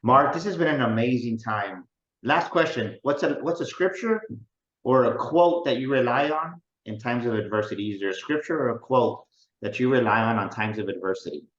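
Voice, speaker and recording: A man's voice: mid-range voice, normal speed. A man hosting a podcast interview who turns to listeners with rhetorical questions like a preacher. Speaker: podcast host. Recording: dull, roomy recording.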